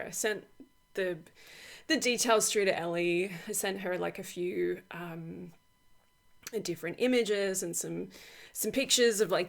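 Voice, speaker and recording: Slow, creaky-voiced chatty woman. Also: on the low side. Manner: chatty, rambling, laughs often, many fillers. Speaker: oracle deck author. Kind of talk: casual unboxing walkthrough.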